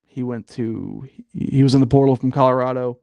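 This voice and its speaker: A man talks sports on a casual podcast, rambling through fillers and then heating up with emphatic asides. His voice sits at an ordinary middle pitch. The sound is dry and close, with no room echo. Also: fairly even intonation, fairly quick, vocal fry, highs cut off. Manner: rambling, frequent fillers, gets fired up. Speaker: podcast host.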